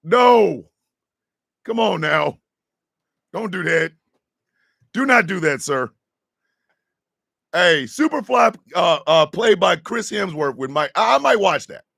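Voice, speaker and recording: A man hosting a morning radio show, riffing in a loud, slangy comedic way with frequent laughter and shouted outbursts. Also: high-pitched, big pitch swings, takes it slowly, creaky, pauses often, dry recording, studio quality. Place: radio studio.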